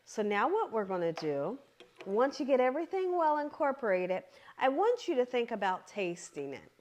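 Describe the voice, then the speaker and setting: A woman's voice: on the high side, big pitch swings, moderate pace, a little mellow. A woman hosting her own cooking channel, walking viewers through a home recipe in a chatty, encouraging way and often checking in with "okay?". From American South.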